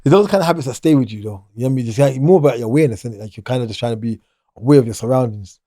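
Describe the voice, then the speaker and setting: A man's voice: medium pitch, rapid-fire, mellow, no room sound, clean studio sound. A middle-aged man, talking casually as an interview guest, rambling and restarting his sentences. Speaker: guest, former prisoner.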